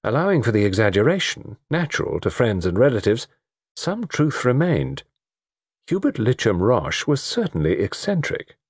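Expressive male audiobook narrator. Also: medium pitch, moderate pace, husky, no echo, clean studio sound. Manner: expressive, storytelling.

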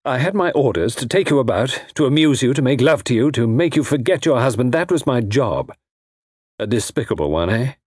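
A man's voice: medium pitch, animated, a little fast, darkish tone, breathy edge, no room sound, clean studio sound. A man playing an intense young man, once a gigolo, who pleads earnestly and with passion. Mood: impassioned.

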